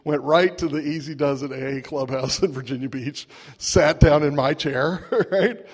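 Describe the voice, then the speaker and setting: A man's voice: fairly high pitch, moderate pace, hardly any pauses. Wry storytelling man in an echoing hall. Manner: wry, chuckling, conversational with lots of "right?" asides. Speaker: recovery meeting speaker. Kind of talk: humorous personal storytelling talk. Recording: long echoing hall reverb.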